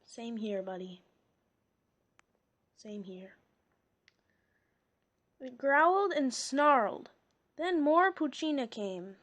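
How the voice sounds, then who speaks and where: Slow, high-voiced woman reading a storybook. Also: sing-song, fairly bright tone. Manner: slow, chatty, amused asides. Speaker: reader. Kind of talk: reading a storybook aloud with chatty asides.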